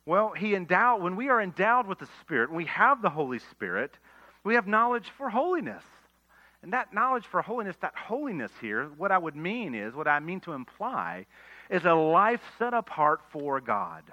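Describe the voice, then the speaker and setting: A man preaching an expository sermon, earnest, rising to emphatic lines and dropping to quiet asides. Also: sits high, sing-song, normal speed. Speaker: pastor. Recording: dull lo-fi sermon recording.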